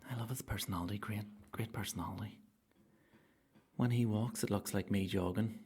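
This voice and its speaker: Northern Irish male comic, slightly low voice, profane rambling monologue with loud outbursts. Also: fairly even intonation, brisk, breathy edge. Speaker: stand-up comedian and podcast host.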